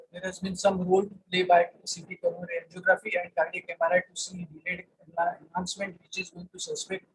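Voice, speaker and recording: A man's voice: high voice, rough recording. A man giving an online medical lecture over a video call, talking with many hesitations and filler sounds. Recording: patchy video call audio with faint room noise.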